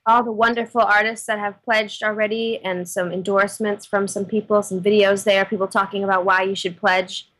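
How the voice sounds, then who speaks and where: A woman's voice: mid-range voice, level tone, a little fast, few pauses, a bit bright, rough recording. A woman in her thirties, a musician guest on a podcast, chatting playfully. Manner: playful, goes along with the jokes. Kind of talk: casual chat.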